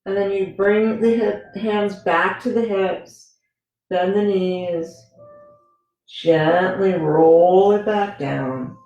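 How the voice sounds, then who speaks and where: A woman teaching a gentle yoga class, talking the students through each pose in a relaxed, conversational way and often checking in with "right?". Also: mid-range voice, drawn-out words, highs cut off. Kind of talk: guided yoga instruction. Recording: very echoey room with faint music.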